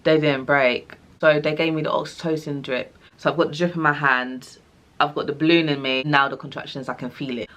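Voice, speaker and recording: A woman's voice: low voice, fairly quick. A young woman, casually telling a personal story to her viewers and acting out the people in it. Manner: animated, acts out quoted dialogue. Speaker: vlogger.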